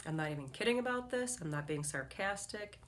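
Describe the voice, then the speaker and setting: On the low side but animated and fairly quick, a woman addresses the camera in her motivational vlog. As host and motivational speaker, she coaches viewers in an upbeat, earnest manner.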